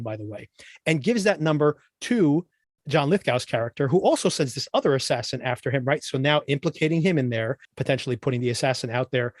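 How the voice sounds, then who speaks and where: A man's voice: medium pitch, expressive, fairly quick, no echo. Exasperated man ranting about a show. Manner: exasperated, sarcastic, laughs at what he mocks. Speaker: podcast host. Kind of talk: casual TV review chat.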